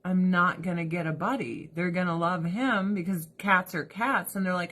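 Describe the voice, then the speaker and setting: A woman's voice: fairly low pitch, slow pace, a bit bright. A woman vlogger chatting casually to viewers, emotional and rambling, laughing often and swearing freely. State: weepy, emotional. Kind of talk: casual livestream chat.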